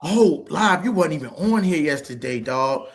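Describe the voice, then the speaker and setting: A man co-hosting a casual sports podcast, talking in an animated, heated and profane way. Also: on the high side, moderate pace. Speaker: podcast co-host.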